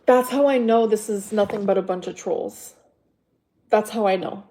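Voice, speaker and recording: A woman's voice: mid-range voice, normal speed, warm tone, a little hiss or hum. Exasperated woman ranting at her viewers. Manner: defensive, exasperated, profane, repeats rhetorical questions. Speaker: livestream host. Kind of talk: ranting livestream chat to viewers.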